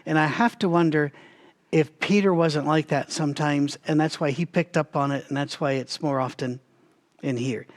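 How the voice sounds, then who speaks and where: Man with a slightly high voice for a relaxed, lively Bible-study teaching read, addressing the audience directly. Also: moderate pace. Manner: animated, talks to listeners directly, frequent restarts.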